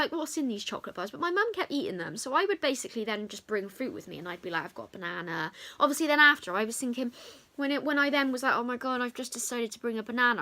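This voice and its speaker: A young woman, telling a chatty storytime to camera with lots of fillers. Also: on the high side. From England. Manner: chatty, animated retelling with many fillers. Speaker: vlogger. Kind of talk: storytime vlog.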